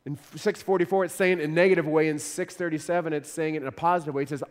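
A man's voice: on the high side, animated, quick pace, long reverb tail. A man preaching a sermon as pastor, earnest and conversational, often repeating words as he explains.

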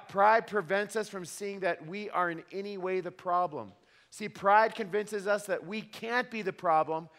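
A man in his thirties preaching a sermon as a pastor, telling wry stories about his children with animated, emphatic repetition. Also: high-pitched. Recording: long hall reverb.

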